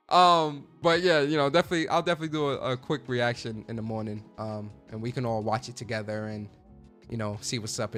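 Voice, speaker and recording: A man's voice: on the low side, fairly bright tone. A man hosting a gaming podcast in a casual rant, swearing freely, emphatic, often repeating words as he stumbles. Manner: profane, emphatic, stammering repeats. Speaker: podcast host.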